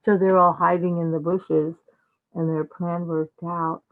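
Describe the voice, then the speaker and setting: A woman telling a devotional story in an animated, chatty way, full of fillers, over a video call. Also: fairly low pitch, measured pace. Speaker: devotional speaker. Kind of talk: storytelling talk. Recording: tinny phone-like call audio.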